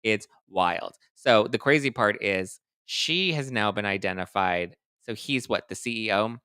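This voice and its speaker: Man, gossip show host, sassy and playful, lowish pitch, crisp bright tone, dry close sound. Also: measured pace, no echo. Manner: sassy and playful, with dramatic mock-outraged asides. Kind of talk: casual gossip commentary reading viewer comments.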